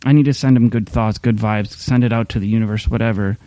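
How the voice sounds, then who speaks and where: A middle-aged man pastor talks through a sermon in a loose, candid way, circling back with fillers and restarts. His voice is mellow and smooth, and it sits close and dry on the mic. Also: lowish voice, steady tone, fast, no echo. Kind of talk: casual sermon talk.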